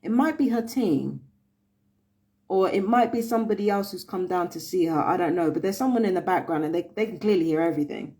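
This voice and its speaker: A woman's voice: on the low side, a little fast, warm tone. A woman vlogger giving blunt, heated commentary on a phone call, cussing and ranting.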